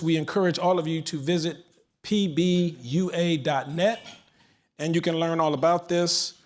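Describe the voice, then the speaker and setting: A man's voice: on the high side, fairly even intonation, normal speed. A man speaking into a handheld mic at a large public forum, moderating and announcing with energy. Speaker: moderator and organization leader. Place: large event hall.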